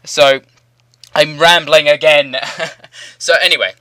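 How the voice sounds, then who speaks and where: A young man in his late teens rambles through a casual vlog commentary, cheeky and a bit crude. His voice is bright and forceful, pitched a touch high, and it sounds dry and close to the mic. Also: fairly even intonation, slow pace, clean tone, dry recording. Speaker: channel host.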